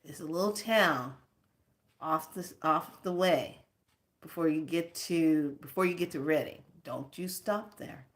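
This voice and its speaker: A woman's voice: sits low, measured pace. Emphatic, sassy woman storyteller. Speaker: spiritual teacher.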